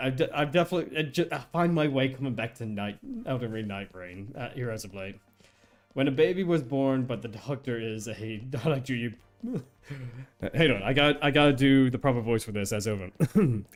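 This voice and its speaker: Male streamer, mid-pitched and animated, laughs a lot while rambling over quiet game music. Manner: rambling, laughs often, restarts sentences. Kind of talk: casual gameplay chat.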